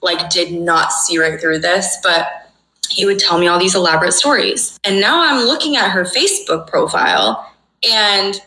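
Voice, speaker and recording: A young woman tells a dramatic personal story with emphasis and casual swearing. Her low-pitched voice is bright. It rings in an echoey room. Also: big pitch swings, moderate pace. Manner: emphatic, swearing, checks in with "okay?". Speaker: storyteller in a played clip.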